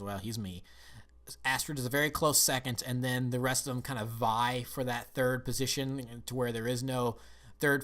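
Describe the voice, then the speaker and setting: Guy reviewing a show, mid-pitched voice, eager, rambles and restarts sentences. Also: a bit bright. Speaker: film and TV reviewer. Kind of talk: casual review chat.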